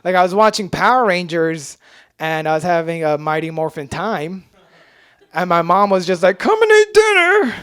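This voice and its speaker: A man doing a stand-up comedy set, self-mocking and jumping into loud voices when he acts out people. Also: on the high side, fairly even intonation, moderate pace, clear, resonant tone, dry recording, studio quality. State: sweating.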